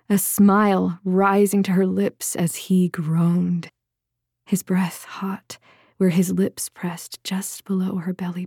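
A woman's voice: mid-range voice, dark tone, dry recording, studio quality. A woman narrating a romance audiobook in an intimate manner, often dropping to a whisper.

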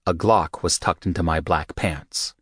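A man reads a first-person audiobook in a measured, steady way. His voice sits very low. The sound is dry and close, with no room around it. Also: breathy edge, dry recording. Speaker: audiobook narrator.

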